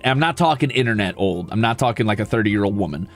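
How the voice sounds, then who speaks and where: A man streamer in casual chat, telling an animated story with plenty of laughs. His pitch swings widely while he acts out the scene. Faint music plays under his voice. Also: quick pace.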